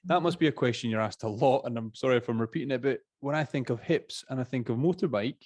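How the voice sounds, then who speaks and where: A man's voice: medium pitch, fast talker, darkish tone, dry recording. Male host, hesitant questioner, dry close sound. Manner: apologetic, hesitant, repeats words. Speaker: podcast host. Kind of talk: interview questions.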